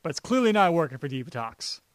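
Male podcast co-host, high voice, rambling and jokey. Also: very animated, fairly quick, no room sound. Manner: rambling, laughing, sarcastic, many "like"s. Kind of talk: casual chat.

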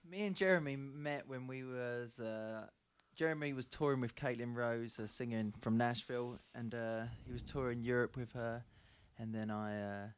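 A man with an East London Cockney accent, a musician guest in a radio studio, talking in a relaxed, rambling way. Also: medium pitch, clear, resonant tone. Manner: relaxed, rambling, laughs easily.

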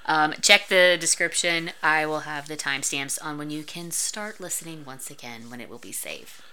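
Bright lower-voiced woman recapping a plot. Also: moderate pace, slight background noise. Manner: recaps plots in detail. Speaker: podcast co-host. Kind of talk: casual chat.

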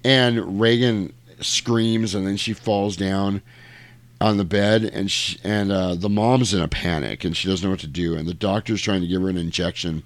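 A man's voice: low-pitched, fairly even intonation, normal speed, no room sound. A man co-hosting a podcast, casually recapping a movie in a rambling, profane way. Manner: rambling, profane, jumps between tangents and quoted lines. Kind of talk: casual chat.

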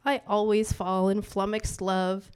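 Brash, smooth-voiced woman performing poetry. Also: mid-range voice, little pitch movement, a little slow, a little mellow. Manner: brash, profane, playful crowd banter. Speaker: spoken-word poet. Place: live stage in a bar venue.

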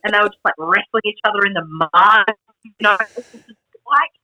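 Woman guest, bright tense tone, rambling animated storyteller. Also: medium pitch, brisk, rough recording. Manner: animated storytelling, heavy use of "like", frequent laughs. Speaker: guest, jiu-jitsu black belt and camp organiser. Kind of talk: casual podcast chat.

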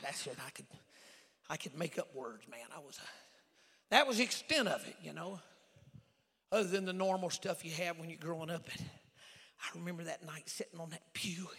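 A high, bright-toned man preaching a revival sermon. His voice is gravelly and husky, shouting one moment and dropping to a near hush the next. A long church reverb trails every phrase. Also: lively intonation, brisk, pauses often. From Oklahoma. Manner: swings from shouted exhortation to hushed storytelling. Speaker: evangelist. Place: church sanctuary.

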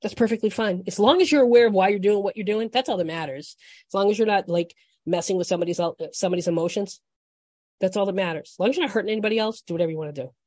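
A woman's voice: mid-range voice, very fast, a little mellow, no room sound. A woman hosting a podcast, talking frankly and casually about dating and self-worth, often restarting her sentences. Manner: frank, conversational, restarts and swears for emphasis. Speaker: podcast host. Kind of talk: casual advice monologue.

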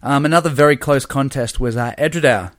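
A man co-hosting a casual podcast, playful and quick with jokey asides. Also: medium pitch, fairly bright tone, no echo, clean studio sound. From Tasmania, Australia. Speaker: podcast co-host.

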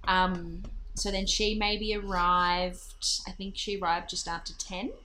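A woman telling a casual, animated personal story full of fillers and laughs. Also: fairly low pitch, takes it slowly, background noise.

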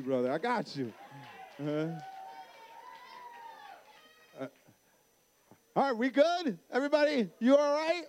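A young man with a notably high voice addresses a youth camp crowd, teasing people as they find seats. He tells stories with animated energy, acting out each line of dialogue. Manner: playful banter with the crowd. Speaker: camp speaker. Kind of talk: live youth-camp talk with storytelling.

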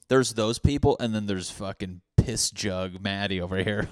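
A young man rambles through a comic podcast monologue, mocking himself and swearing freely. His voice sits low and smooth. The sound is close and dry, with no room around it. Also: steady tone, moderate pace, dry recording. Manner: rambling, self-mocking, swears freely, laughs at own jokes. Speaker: podcast host. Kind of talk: casual comedic monologue.

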